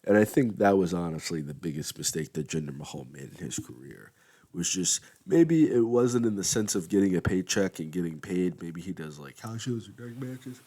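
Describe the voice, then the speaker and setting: A man's voice: low voice, lively intonation, normal speed, mellow. A young man hosting a casual wrestling commentary show, rambling and conversational, yawning now and then. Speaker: wrestling podcast host.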